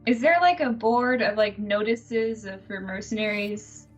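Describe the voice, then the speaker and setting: A woman's voice: medium pitch, a little slow, soft background music. Hesitant woman player, muffled audio. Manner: hesitant, many fillers like "um" and "like". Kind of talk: tabletop game play.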